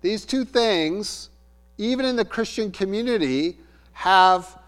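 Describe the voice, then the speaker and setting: A man's voice: sits high, animated, takes it slowly, a bit bright, clean tone. A middle-aged man preaching a sermon as pastor, emphatic and conversational, asking the congregation rhetorical questions. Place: church sanctuary. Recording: long hall reverb with mains hum.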